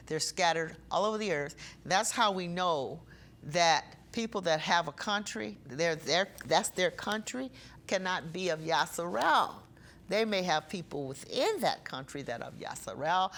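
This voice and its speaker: A woman preaching a sermon with passion, slowing down and getting louder when she reads scripture. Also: fairly low pitch, slight background noise.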